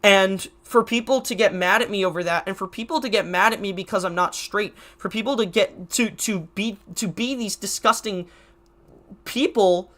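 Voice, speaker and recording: A man with a fairly high voice speaks through tears in a raw vlog rant to camera. He stumbles and stutters, repeats his words and swears constantly. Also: normal speed, fairly bright tone. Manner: stuttering, restarting, heavy swearing. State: crying. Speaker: YouTuber.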